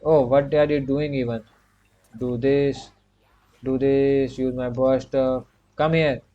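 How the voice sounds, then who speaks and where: Playing a video game, a streamer offers casual commentary in a medium-pitched voice that barely moves in pitch and runs slowly. He narrates each move to himself, repeats brief commands and keeps filling gaps with "you can say." The recording sounds muffled.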